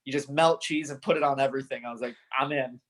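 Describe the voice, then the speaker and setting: A man's voice: mid-range voice, fairly even intonation, fast talker, fairly bright tone. A young man as a podcast guest, rambling in casual chat with lots of "like". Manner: rambling, many "like" fillers, laughs. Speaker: podcast guest, hockey player.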